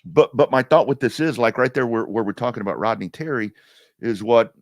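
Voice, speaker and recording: A man's voice: medium pitch, brisk, no echo, clean studio sound. A man co-hosting a sports talk stream, talking earnestly and hesitantly, often repeating words. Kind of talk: casual sports talk chat.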